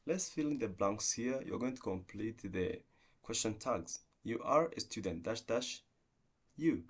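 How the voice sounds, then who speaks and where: Low-voiced man teaching English grammar. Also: animated, breathy edge. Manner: explaining slowly with repeated example sentences. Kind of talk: online grammar lesson.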